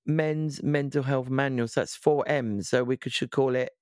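Male podcast co-host, rambling jokey delivery, mid pitch, dry close mic. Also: fairly even intonation, normal speed, a little mellow, smooth, no echo. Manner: rambling, joking, restarts a lot. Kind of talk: casual podcast chat. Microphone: podcast microphone.

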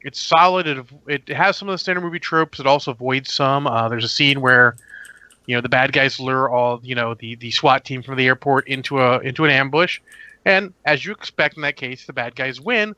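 A man's voice: medium pitch, fairly quick, bright, forceful tone, no room sound, highs cut off. A man hosting a casual movie review chat, talking in a rambling, opinionated way. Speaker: movie review podcast host.

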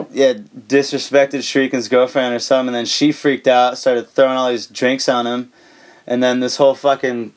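Man, pro skater guest, casual, swears a lot, laughs often, loose filler-heavy talk. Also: medium pitch. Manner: profane, laid-back, laughs often, lots of fillers. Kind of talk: casual storytelling.

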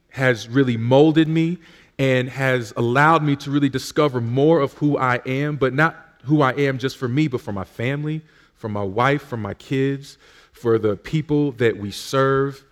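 Man, church sermon, conversational testimony, casual fillers and repeats. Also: mid-range voice. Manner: conversational storytelling with fillers and repetitions. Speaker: pastor. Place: church service.

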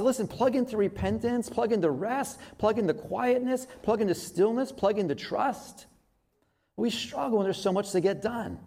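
High-voiced man preaching conversationally. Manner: conversational, animated, with many restarts and acted-out inner thoughts. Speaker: pastor. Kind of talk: sermon.

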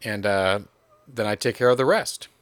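A man's voice: on the low side, normal speed, no echo. A man co-hosting a podcast in casual chat, trading playful, teasing banter. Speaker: podcast co-host.

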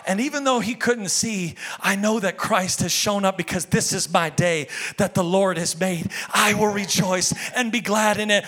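A male pastor preaching a sermon with passion, swinging from shouted cries down to hushed, quiet appeals. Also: high-pitched, moderate pace, hardly any pauses.

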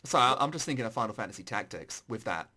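A man in casual chat about video games, animated and swearing, his voice jumping high when excited. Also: rapid-fire, slightly rough.

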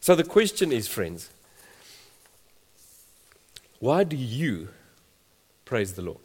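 A man's voice: mid-range voice, very animated, measured pace, a little mellow, breathy edge. A man preaching a sermon, reading scripture emphatically and building in volume. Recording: long hall reverb.

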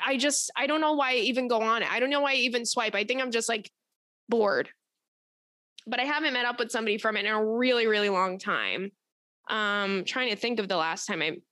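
A young woman hosts a podcast in a loose, chatty style, telling stories bluntly with plenty of swearing. Her voice sits a little high and has a bright, forceful edge. The recording is dry and close, with almost no room sound. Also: dry recording. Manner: blunt, profane and animated. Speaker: podcast host. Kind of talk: casual storytelling chat.

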